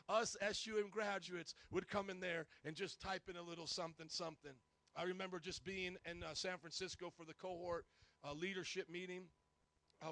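A male pastor preaching a sermon, telling stories in an animated way and acting out the people he quotes. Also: fairly high pitch, creaky, no echo. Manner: storytelling, animated, acts out quotes.

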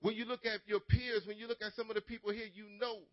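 A man preaching an energetic call-and-response sermon to teenagers as youth pastor, telling stories dramatically. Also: high-pitched, quick pace, no echo. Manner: dramatic storytelling, swings from loud to hushed. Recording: dull lo-fi sermon recording.

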